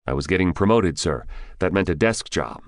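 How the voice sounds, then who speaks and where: A man voicing a calm, terse former special-forces mercenary who answers in short, respectful replies. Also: low-pitched, normal speed, no room sound, studio quality.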